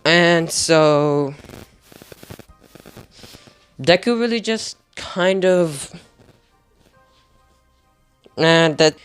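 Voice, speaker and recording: A man's voice: on the high side, very slow, long pauses, fairly bright tone, smooth, soft background music. A young man improvising a fan story video, rambling with restarts and laughing at himself.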